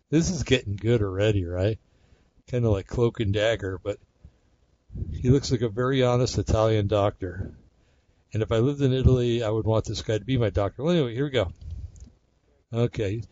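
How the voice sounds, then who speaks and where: A man's voice: medium pitch, moderate pace, pauses often, darkish tone, no echo, highs cut off. A man hosting a casual solo talk show, rambling conversationally with many fillers and restarts. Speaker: podcast host.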